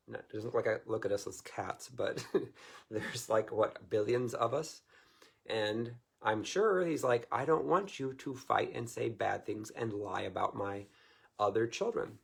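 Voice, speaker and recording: A man's voice: fairly low pitch, gravelly, breathy edge. A man preaching informally to viewers, rambling in a folksy way and chuckling often. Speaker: Christian minister.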